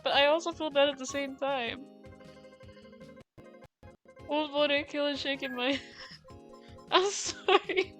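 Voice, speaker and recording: A young woman with a high, bright voice talks casually while she plays a racing game on stream. She rambles with many fillers and laughs often as she apologizes. Game music plays faintly behind her. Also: rough recording. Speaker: gaming streamer. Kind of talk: casual live-stream chat while playing.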